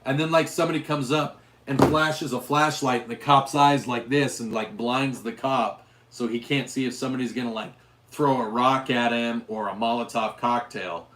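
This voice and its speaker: A man hosts a casual gun livestream, answering viewers while his voice wears hoarse. He rambles and restarts often, at a middling pitch. The room around him rings with echo. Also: fairly even intonation, normal speed, fairly bright tone, a little hiss or hum. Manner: rambling, with frequent restarts and fillers. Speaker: gun channel host reading live chat.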